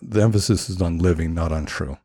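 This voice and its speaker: A man's voice: low-pitched, fairly quick, dark tone, husky, dry recording, clean studio sound. A man speaking in an earnest, encouraging way about faith, like a reflective podcast talk.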